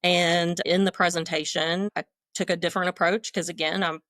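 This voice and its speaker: A woman's voice: fairly low pitch, level tone, fairly quick, a bit bright, no room sound. A middle-aged woman talking as a podcast guest, telling her own story in a frank, talkative, self-deprecating way. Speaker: guest, leadership coach. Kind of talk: candid conversational storytelling.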